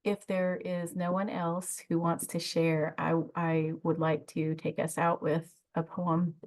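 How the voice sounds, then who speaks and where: A woman's voice: fairly low pitch, little pitch movement, unhurried. A woman hosting a poetry gathering, speaking earnestly, then reading her own poem. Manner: earnest, heartfelt, with soft hesitations. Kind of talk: warm spoken introduction and poetry reading.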